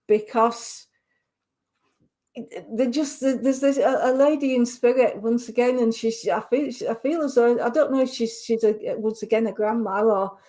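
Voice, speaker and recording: A woman giving a psychic reading to a caller on a radio show, talking haltingly with many restarts and fillers. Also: fairly high pitch, a little mellow.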